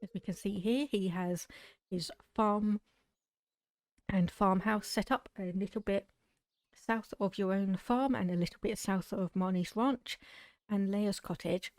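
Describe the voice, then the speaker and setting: A British woman talks through her farming game at an unhurried, measured pace, explaining each step. Her voice sits mid-range and sounds dry and close. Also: mid-range voice, steady tone, darkish tone, no echo. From United Kingdom. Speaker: streamer. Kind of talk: casual game commentary.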